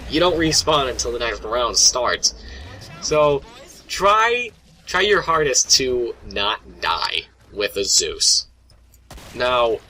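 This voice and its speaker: A man's voice: medium pitch, bright, forceful tone, slight background noise. A young man rambling casually to his viewers about annoying players, full of fillers, restarts and mock voices. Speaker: gaming vlogger. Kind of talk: casual rant to camera.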